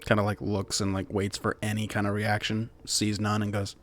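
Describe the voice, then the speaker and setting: A man's voice: fairly low pitch, completely flat delivery, moderate pace, a bit bright, a little hiss or hum. A man narrating a tabletop role-playing game as game master in a casual way, with many fillers.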